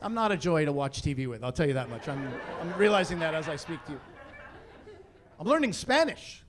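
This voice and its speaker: Stand-up comic, man in his forties, high voice, animated storyteller who ramps into fake outrage. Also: brisk, crowd noise. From Canada. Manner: animated storyteller building to mock-indignant rants. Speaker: stand-up comedian. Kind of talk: stand-up comedy routine. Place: comedy stage before a live audience.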